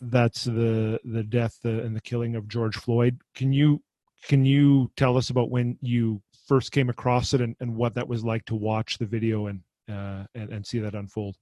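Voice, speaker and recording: Gentle, hesitant podcast host. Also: male voice, mid-range voice, flat delivery, moderate pace, no echo. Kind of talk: interview hosting.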